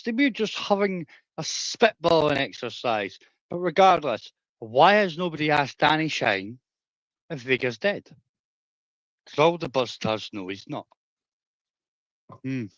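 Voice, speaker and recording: A man's voice: medium pitch, a bit bright, no echo, lo-fi sound. A man ranting on a livestream, rambling and conspiratorial, with crude language.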